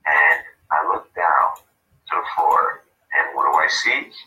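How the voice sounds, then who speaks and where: A very deep-voiced man tells a story on a call-in radio show, rambling and animated, with lots of "you know" and "like". His voice has a hard, forceful edge. It comes through an echoey phone line, far from the mic. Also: slow pace. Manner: rambling, animated retelling with many fillers. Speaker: guest.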